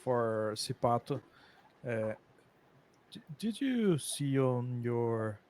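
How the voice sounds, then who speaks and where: A man with a Brazilian Portuguese accent playing a tabletop game, speaking haltingly as he searches for English words. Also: mid-range voice, very animated, darkish tone. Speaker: player.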